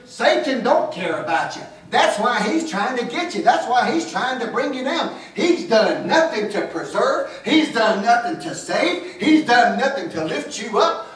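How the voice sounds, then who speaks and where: A high-pitched man preaching from the pulpit, his voice ringing through a very echoey sanctuary. He sounds set back from the mic, telling folksy stories and clearing his throat now and then. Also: a bit bright. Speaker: pastor. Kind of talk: sermon. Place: church sanctuary. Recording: very echoey room, voice from a distance.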